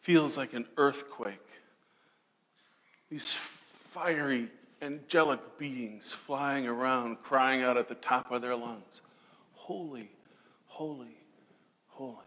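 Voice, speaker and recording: A man's voice: mid-range voice, fairly even intonation, slow pace. Dramatic preacher man in a reverberant hall. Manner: dramatic, swings from loud declarations to hushed near-whispers. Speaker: pastor. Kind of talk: sermon.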